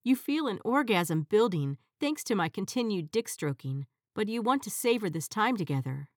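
Woman narrator for a spicy audio story, dry close sound, mid pitch. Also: big pitch swings, moderate pace, no room sound.

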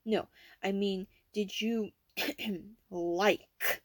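A young woman in a whispered role-play, teasing and intimate. Her airy, hushed voice unhurriedly draws out each phrase. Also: mid-range voice, very slow, no echo.

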